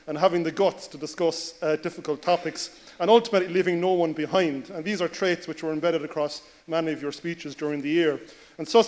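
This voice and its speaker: High-voiced man giving a tribute. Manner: hesitant with frequent ums and uhs. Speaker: speaker paying tribute. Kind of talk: formal tribute speech.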